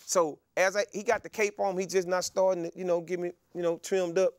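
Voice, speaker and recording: A middle-aged man, an interview guest telling a story in a casual, animated way with many fillers and restarts. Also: high voice, fairly quick, clean tone, no echo, studio quality. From Texas.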